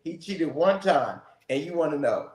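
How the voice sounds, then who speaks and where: A man's voice: fairly high pitch, animated, moderate pace, very noisy. Brash man in an echoey room. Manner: brash, boastful storyteller, repeats himself. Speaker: co-host of a live relationship talk show. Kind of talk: casual live-stream chat, storytelling.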